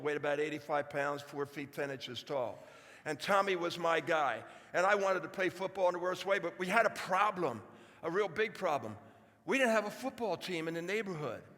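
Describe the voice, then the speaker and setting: A man's voice: on the high side, fairly quick, fairly bright tone, long reverb tail. A man in his seventies gives a folksy, joking speech to a live audience, talking straight to the crowd. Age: 70s. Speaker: speaker. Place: large hall before an audience.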